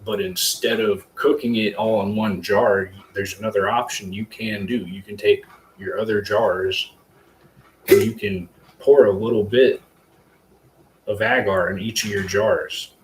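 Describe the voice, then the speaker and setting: A man's voice: lowish voice, steady tone, unhurried. A man hosting a casual live stream about growing mushrooms, rambling loosely with lots of fillers and the odd curse word. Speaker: livestream host, hobby mushroom grower. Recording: echoey room with faint ambient hum.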